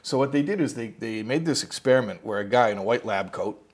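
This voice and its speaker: Husky man teaching in a loose storytelling way. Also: medium pitch, fast. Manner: animated storytelling, acts out quotes; rambling with restarts and asides. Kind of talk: informal spoken lesson.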